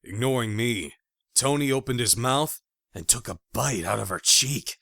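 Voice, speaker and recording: Lively male audiobook narrator. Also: medium pitch, moderate pace, vocal fry, no room sound, studio quality. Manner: lively, expressive storytelling. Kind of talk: first-person audiobook narration.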